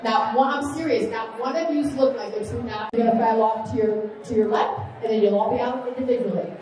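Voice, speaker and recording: A woman's voice: fairly high pitch, steady tone, a little fast, mellow, distant mic. Woman speaker in an echoey hall. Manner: direct, instructive. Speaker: workshop speaker. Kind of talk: addressing a seminar audience. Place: large event hall.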